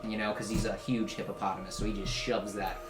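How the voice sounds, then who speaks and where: A man narrating a tabletop game as game master in a relaxed, casual way. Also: on the low side, fast. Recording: echoey room with music behind.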